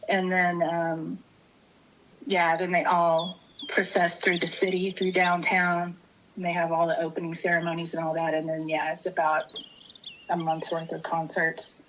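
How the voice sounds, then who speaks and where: A woman's voice: fairly low pitch, fairly bright tone, a little hiss or hum, poor audio. A woman from Texas, chatting casually as a podcast co-host, easygoing with lots of fillers and laughs. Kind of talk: casual chat. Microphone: remote call.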